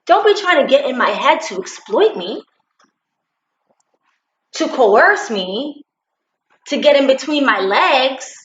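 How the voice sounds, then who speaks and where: Preachy, animated woman vlogging. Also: high-pitched, slow pace, pauses often, reverberant, lo-fi sound. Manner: preachy, animated, acts out quotes. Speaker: commentary vlogger. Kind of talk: opinion vlog monologue.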